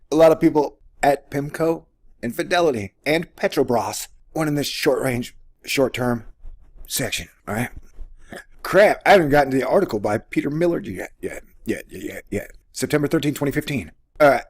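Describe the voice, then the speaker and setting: Man, casual commentary, sarcastic, joking, average pitch. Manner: sarcastic, joking, animated outbursts. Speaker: commentary video host.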